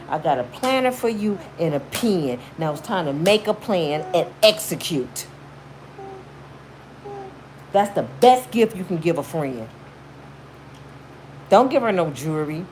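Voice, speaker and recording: On her YouTube channel, a woman in her fifties delivers blunt, emphatic motivational commentary with a sermon-like feel. Her voice sits low and a little mellow, with slight background noise.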